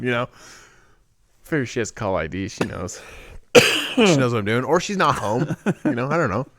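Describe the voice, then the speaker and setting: A man's voice: medium pitch, sing-song, normal speed, long pauses, fairly bright tone, dry recording, clean studio sound. A man hosting a podcast, telling stories in casual chat, laughing often and swearing freely. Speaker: podcast host.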